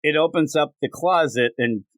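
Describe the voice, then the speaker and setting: A man hosting a casual comic book podcast, rambling and acting out bits of dialogue in quick voices. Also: on the high side, no room sound. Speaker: podcast host.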